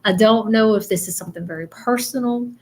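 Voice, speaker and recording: A woman hosting a casual live stream, talking softly and haltingly with many fillers as she gives readings to viewers. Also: medium pitch. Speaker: psychic medium livestreamer.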